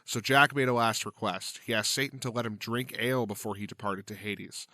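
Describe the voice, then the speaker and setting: A man's voice: fairly low pitch, fairly even intonation, a little fast, pushed and bright, no echo, clean studio sound. A man co-hosting a comedy podcast, reading a folk tale aloud with dramatic storytelling and casual asides. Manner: dramatic storytelling with big words. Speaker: podcast co-host.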